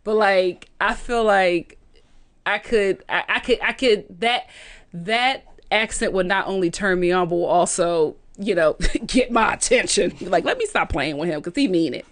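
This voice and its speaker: A woman from the East Coast, a guest in a casual chat, talking in slangy, animated banter with frequent laughter. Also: medium pitch, measured pace.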